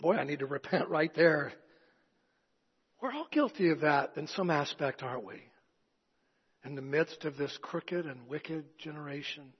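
Give me an earnest preacher in an echoey hall. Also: male voice, fairly high pitch, animated, normal speed, pauses often, breathy edge. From East Tennessee. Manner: earnest preaching with folksy asides and rhetorical questions. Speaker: pastor. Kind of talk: sermon. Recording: echoey hall, dull lo-fi sound.

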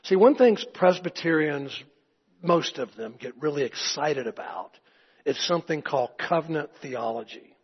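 Male pastor, fairly high husky voice, relaxed sermon delivery with chuckling asides, echoey church hall, dull recording. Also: moderate pace. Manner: conversational, anecdotal, chuckling asides.

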